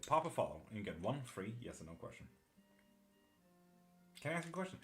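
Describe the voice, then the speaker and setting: A man's voice: medium pitch, sing-song, fairly quick, pauses often, fairly bright tone, soft background music. A man with a patchy mixed Irish-British accent, chatting casually on a live tarot stream, swearing offhand and laughing as he reads out viewers' messages. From Sweden. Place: home streaming setup in England.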